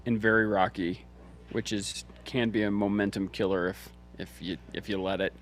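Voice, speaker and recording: A man's voice: lowish voice, steady tone, normal speed, slight background noise. Easygoing man commentating a race livestream. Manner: easygoing, dry humor.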